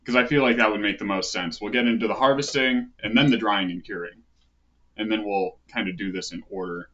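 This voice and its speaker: A man hosting a casual livestream, talking in a relaxed, rambling way with plenty of fillers and side remarks. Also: on the low side, brisk. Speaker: livestream host. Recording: dull lo-fi stream audio.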